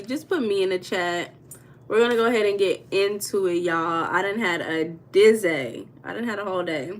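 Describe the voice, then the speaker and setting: A woman from the United States chatting casually with viewers on a tarot livestream from home, reading their comments aloud in relaxed slang. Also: mid-range voice, a little hiss or hum. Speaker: tarot reader streaming live. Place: home room.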